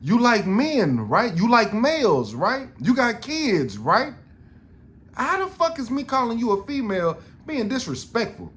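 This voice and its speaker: A man's voice: very high voice, wildly swooping pitch, a little slow, fairly bright tone. A middle-aged man, telling a story on a podcast in an exasperated, profane rant full of restarts. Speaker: podcast host.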